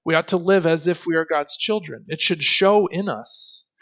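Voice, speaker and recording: Earnest high-voiced male preacher. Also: a bit bright. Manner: earnest, measured, with slow emphatic phrases. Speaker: pastor. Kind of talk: sermon.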